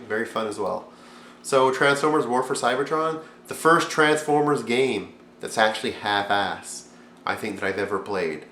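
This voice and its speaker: A man giving a profane, sarcastic comedy rant as a video reviewer, swinging from loud outbursts to low mumbles. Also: roomy sound, slight background noise.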